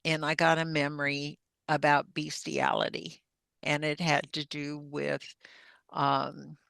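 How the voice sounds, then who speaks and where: Bright-voiced older woman telling her story. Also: deep voice, completely flat delivery, takes it slowly, vocal fry, no echo. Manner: earnest, vivid retelling with acted-out dialogue. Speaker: podcast guest. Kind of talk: personal testimony storytelling.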